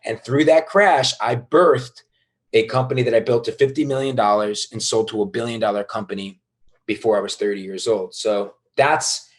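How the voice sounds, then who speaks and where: A man in his thirties speaks as an interview guest, recounting his rise and fall with emphatic energy. His voice sits at an ordinary middle pitch, and his talk is loose and casual, with occasional swearing. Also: steady tone, moderate pace. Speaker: guest entrepreneur.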